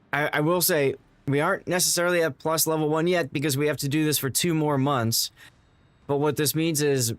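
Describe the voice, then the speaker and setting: A man streaming live to his viewers is tearing up, stammering and repeating himself emotionally as he thanks them in excited live-stream chat. His voice is slightly high, with no room sound.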